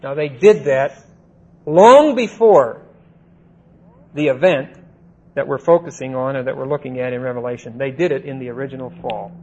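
A man teaching the Bible verse by verse, deliberate, stressing single words and checking in with "see?" and "okay?". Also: medium pitch, steady tone, darkish tone, highs cut off.

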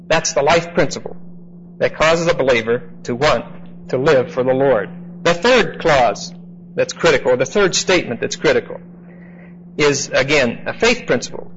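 A man's voice: on the high side, normal speed, fairly bright tone. A man preaching a teaching sermon, explaining verse by verse in an emphatic, explanatory way and often checking in with "okay?". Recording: dull lo-fi recording, faint background noise.

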